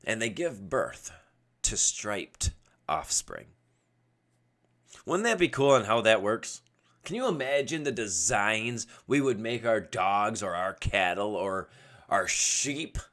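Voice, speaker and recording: Slow and expressive, this man's low-ish voice has a fairly bright tone. He runs a casual solo livestream podcast at his computer webcam, rambling and wandering into tangents.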